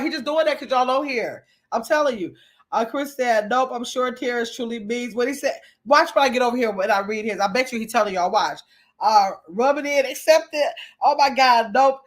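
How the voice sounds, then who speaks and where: A woman's voice: fairly high pitch, fairly quick. A woman hosting a livestream from her computer at home, chatting casually with her viewers and reading their comments aloud. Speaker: livestream host reading chat.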